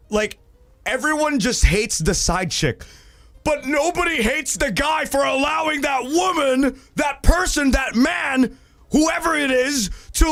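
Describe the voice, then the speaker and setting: Animated high-voiced man. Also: no room sound. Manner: animated and profane, laughing loudly, acting out quoted voices. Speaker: livestream host reading viewer stories. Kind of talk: casual livestream chat.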